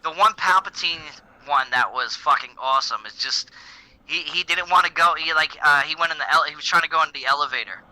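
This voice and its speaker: Animated, bright-voiced man telling stories. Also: fairly high pitch, fast, rough recording. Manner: animated storytelling, acting out scenes in put-on voices, swearing. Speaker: podcast co-host. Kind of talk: casual chat.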